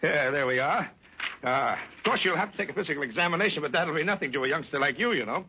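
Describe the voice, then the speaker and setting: A man's voice: fairly high pitch, expressive, fast talker, bright, forceful tone, slight background noise. An actor playing a pushy, wheedling male insurance salesman in an old radio drama. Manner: wheedling, insistent salesman patter. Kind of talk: 1940s radio acting. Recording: muffled old radio recording.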